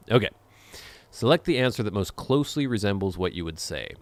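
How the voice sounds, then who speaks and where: A man's voice: on the low side, expressive, fairly quick, no room sound. A young man, chatting casually in a vlog, reading quiz questions aloud and musing over how he pronounces words, with playful sarcastic asides. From Pacific Northwest of the USA. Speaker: vlogger.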